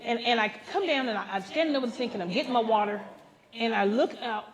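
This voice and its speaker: Speaking quickly in a high voice, an older woman entertains a live women's gathering with a funny story, laughing often and full of animation. Like a pastor at the front of a room, she slips into the voices of the people in her tale.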